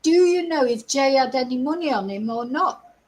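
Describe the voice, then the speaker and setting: A woman's voice: high voice, lively intonation, normal speed, a little mellow, rough recording. An older woman hosting a true crime live stream, talking in a chatty, exasperated and rambling way with frequent asides. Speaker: true crime channel host. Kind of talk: casual live-stream commentary.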